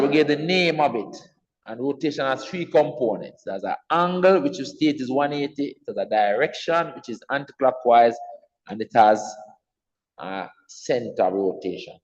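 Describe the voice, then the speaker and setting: A man's voice: mid-range voice, animated, moderate pace, a little mellow, big-room sound, muffled recording. A man teaching an exam revision math lesson, patiently repeating key points and checking in with his class.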